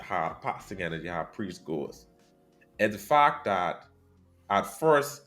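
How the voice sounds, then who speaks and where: Male podcast host, lively up-and-down delivery, casual anime chat, faint music underneath. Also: lowish voice. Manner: animated storyteller, swings between loud and quiet.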